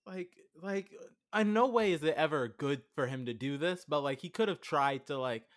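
A man's voice: on the high side, expressive, moderate pace. A man in a casual film chat, rambling and saying "like" a lot as he animatedly retells scenes. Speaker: podcast co-host.

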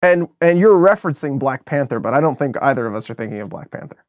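American man, podcast co-host, casual film chat, rambling, animated, middle pitch, dry close sound. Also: quick pace, dry recording. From United States. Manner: animated, rambling, many fillers and restarts.

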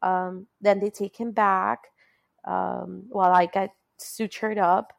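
A woman's voice: mid-range voice, a little slow, vocal fry, no room sound. A woman talking as a guest in a casual conversation, telling a personal story in a chatty way and laughing often. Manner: chatty, laughs often, rises into animated quoting.

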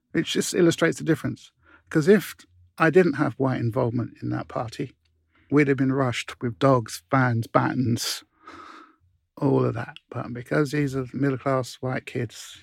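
British man in his 60s, interview guest, gravelly and husky, dry close sound, relaxed storyteller. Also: mid-range voice, no room sound. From Britain. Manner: relaxed anecdotal, restarts and asides.

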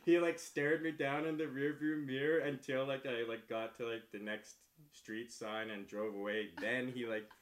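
A man's voice: medium pitch, little pitch movement, normal speed, few pauses. A young man telling a story in a casual chat, laughing often and saying "like" a lot. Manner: laughs often, heavy use of "like".

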